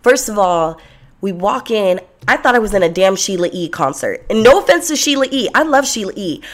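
A young woman telling a personal story in a blunt, profane, sarcastic and animated way. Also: mid-range voice, a little fast. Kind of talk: casual storytelling.

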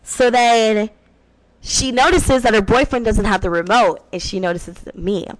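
A woman's voice: fairly high pitch, unhurried, rough recording. A woman hosting her own radio show, telling a raunchy personal story in a brash, profane, frank way. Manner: brash and profane, talks frankly about sex.

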